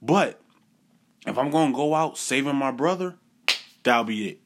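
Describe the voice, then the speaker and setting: A young man narrates a personal story in a casual, lively manner. He repeats short phrases for emphasis and slips into acting out the people he quotes. His voice sits at an ordinary pitch for a man. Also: normal speed. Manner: animated, repeats phrases for effect, acts out quotes.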